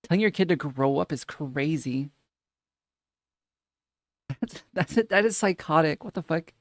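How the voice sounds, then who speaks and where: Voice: mid-range voice, animated, unhurried, dry recording. A streamer in casual reaction commentary, reading posts aloud and ranting about them in a profane, incredulous way with lots of repeated phrases.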